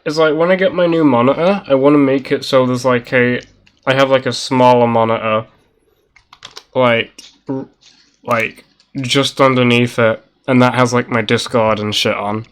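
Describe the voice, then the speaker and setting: Rambling, swearing gaming streamer. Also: male voice, medium pitch, fairly even intonation, normal speed, clear, resonant tone. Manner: rambling, swears casually, lots of "like". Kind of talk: casual gaming chat.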